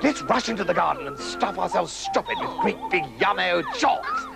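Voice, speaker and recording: A man's voice: high-pitched, huge pitch swings, brisk, creaky, over loud music, heavily acted. A man voicing cheeky, greedy young princesses in a whiny, gushing voice.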